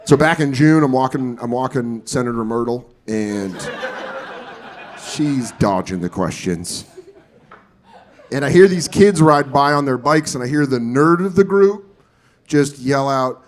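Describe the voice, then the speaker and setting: A man doing a stand-up comedy set on a club stage, telling profane stories with loud, exaggerated bursts of character voices. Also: mid-range voice, animated, a little slow.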